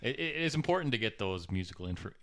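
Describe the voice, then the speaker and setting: Deep-voiced laid-back man on a podcast. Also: sing-song, quick pace, a little hiss or hum. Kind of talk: casual podcast chat.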